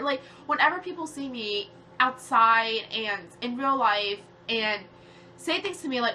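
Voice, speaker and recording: A woman's voice: a little high, normal speed, sharp tone, a little hiss or hum. A woman in her early twenties with a nasal voice, tearful as she rants to her viewers, heated and swearing, rambling with many fillers. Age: 20s. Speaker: vlogger. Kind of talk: emotional rant to camera.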